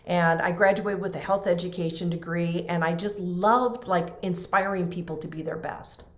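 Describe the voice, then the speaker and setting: Lowish woman guest, roomy echo. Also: normal speed. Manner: animated, acts out quoted voices, many fillers. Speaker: interview guest. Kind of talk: personal storytelling in conversation.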